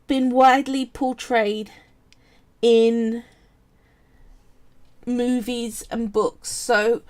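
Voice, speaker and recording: Chatty Cockney woman, slow and high. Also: little pitch movement, darkish tone. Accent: Cockney, East London. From England. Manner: chatty, wanders off on tangents, answers chat. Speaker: polymer clay artist streaming live. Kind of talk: casual live-stream chat while sculpting.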